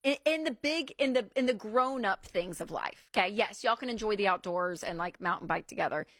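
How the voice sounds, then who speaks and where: A woman's voice: mid-range voice, expressive, brisk, a bit bright, no room sound. Woman, call-in show host, emphatic, motherly advice, dry close studio sound.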